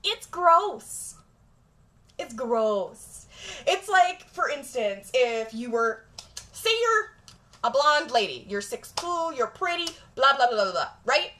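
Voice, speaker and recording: A woman from Jamaica speaks straight to camera with blunt, profane emphasis. Her voice sits a touch high. It has a bright, forceful edge. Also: very animated, a little slow. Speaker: vlogger. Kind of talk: direct-to-camera rant.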